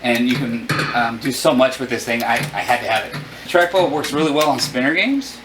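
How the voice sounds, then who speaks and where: The mic sits far from this brisk, mid-range-voiced man, and background noise creeps in. He's in his forties, hosting a casual chat among the arcade cabinets in his home, rambling eagerly about his collection with self-deprecating remarks.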